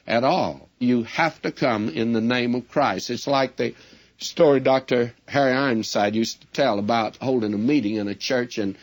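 Speaking at normal speed in a mid-range voice, a man delivers a sermon as a Bible teacher. Earnest in manner, he calls his listeners friends and tells stories, quoting the dialogue.

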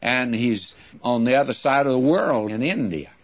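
A man's voice: mid-range voice, lively intonation, moderate pace. An older man, teaching a Bible passage in a folksy, conversational radio sermon full of asides to his listeners. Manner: folksy, conversational preaching with asides like "you see" and "friends".

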